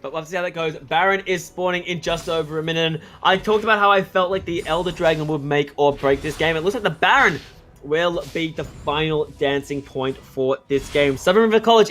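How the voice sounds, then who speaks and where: A man with an Australian accent giving excitable play-by-play commentary on a school esports match, shouting at the big plays. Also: on the high side. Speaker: esports caster.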